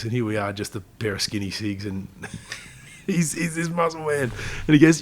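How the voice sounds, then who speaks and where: On a podcast, an Australian army veteran in his forties is the guest, swapping stories in a relaxed, chatty interview and laughing often. He talks a little fast in a medium-pitched voice with lively intonation, and there's slight background noise.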